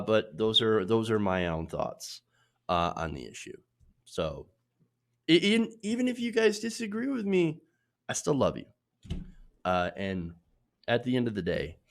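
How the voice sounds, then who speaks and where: A man with a head cold hosts a casual political commentary show. He is opinionated and loose, with plenty of fillers and restarts, at a middle pitch. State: sick with sniffles.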